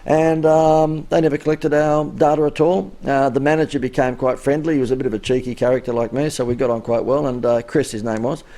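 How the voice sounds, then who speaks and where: Gravelly middle-aged Australian man telling stories. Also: medium pitch, flat delivery, fairly quick, hardly any pauses, dark tone. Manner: storytelling with cheeky rhetorical questions. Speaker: business marketing coach. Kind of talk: live-stream talk.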